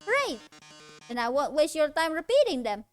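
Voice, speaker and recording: A woman's voice: sits high, sing-song, moderate pace, soft background music. A woman voicing a flamboyant male robot TV star, speaking in a theatrical, showy way and calling others darling. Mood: taunting.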